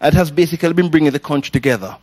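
A man's voice: fairly high pitch, racing. Jamaican man, laughing gospel pianist guest. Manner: warm-hearted, laughs often, exclamatory. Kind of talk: casual faith interview.

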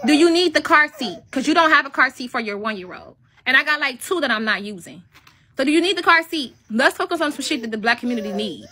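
Brief: woman in her 20s, high bright voice, blunt profane ranter, faint hiss behind. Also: expressive, quick pace. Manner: blunt, profane and mocking, repeats taunting questions. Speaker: commentary vlogger. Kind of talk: ranting commentary.

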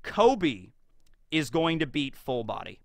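A man's voice: on the high side, slow, creaky, no room sound, studio quality. A man giving casual, rambling fan commentary as a YouTube commentator, full of fillers. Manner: rambling, filler-heavy, animated.

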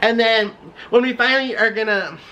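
Bright, excitable young man vlogging. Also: extremely high pitch, fairly quick, slight background noise. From San Francisco Bay Area. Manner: gushing and excitable, heavy use of "like" fillers. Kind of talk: casual storytime vlog.

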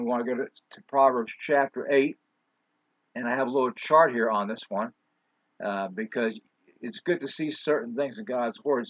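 A man's voice: mid-range voice, no echo. A man preaching a sermon as pastor in a loose, conversational way, with fillers and asides. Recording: dull, lo-fi sound.

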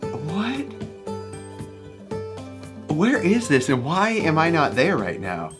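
A man's voice: on the high side, wildly swooping pitch, slow pace. A man hosting a reaction video, casually joking and laughing as he comments on animal clips. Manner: playful, laughs often, jokes about the animals. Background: music playing.

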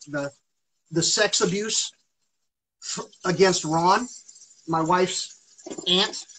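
A man's voice: high-pitched, fairly bright tone, slight background noise, poor audio. A man talking on a live stream in an agitated, rambling monologue, swearing heavily. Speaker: livestreamer.

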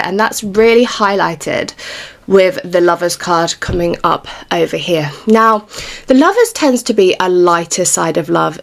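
British woman, tarot reader, slightly out of breath, chatty and reassuring, casual spoken style. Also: mid-range voice. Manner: chatty, reassuring, informal with occasional swearing. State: out of breath from pregnancy. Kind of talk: casual tarot reading to camera.

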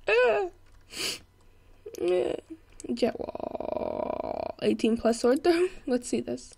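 A young woman commentates on a video game she is playing, excitable and quick to laugh or shout at what happens on screen. Her voice sits a bit high, and she talks at an unhurried pace between the outbursts. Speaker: gameplay commentator. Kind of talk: let's play commentary.

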